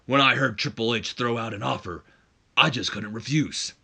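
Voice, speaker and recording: A man putting on a boastful wrestling legend delivering a loud promo, as a jokey impression. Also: medium pitch, moderate pace, creaky, breathy edge, heavily acted. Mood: hyped promo.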